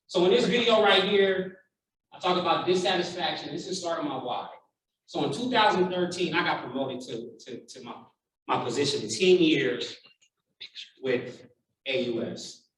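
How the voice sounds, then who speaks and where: A man in his thirties gives a keynote as a heartfelt personal story, slipping into the voices of the people in it. His voice is bright and sits a little high for a man. The sound comes from some distance in a large, very echoey hall. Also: moderate pace. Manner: heartfelt, animated storytelling with acted-out quotes. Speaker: keynote speaker. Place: large conference room.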